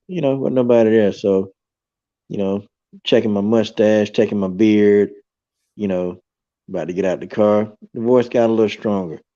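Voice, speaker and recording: A low, mellow-voiced man hosts a casual podcast chat and tells his stories in an animated, rambling way. The audio is a bit dull and lo-fi. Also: moderate pace. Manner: animated storyteller, peppered with "you know" and "man". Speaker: podcast host.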